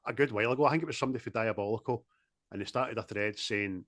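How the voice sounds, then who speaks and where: A man in casual, sweary film chat, animated and quick to laugh, talking over a video call. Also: fairly low pitch, no room sound, studio quality. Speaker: podcast co-host.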